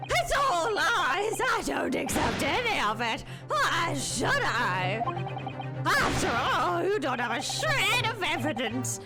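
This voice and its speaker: A woman voicing a greedy, scheming male villain who rants in a shrill, drawn-out, taunting way. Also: big pitch swings, exaggerated voice. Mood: gloating, manic. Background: loud game music.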